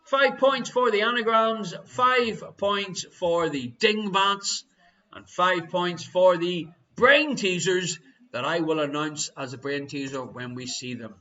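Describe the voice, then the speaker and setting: Irish man, quiz host, high voice, teasing jokey banter, dull lo-fi stream audio. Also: slow pace, pushed and bright. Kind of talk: live-streamed quiz hosting.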